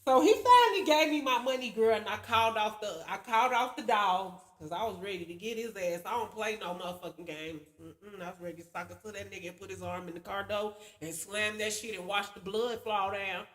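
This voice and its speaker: A woman's voice: mid-range voice, fairly quick, few pauses. A woman streamer telling a rambling, profane story to her viewers in a casual rant. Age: adult with children. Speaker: livestream host.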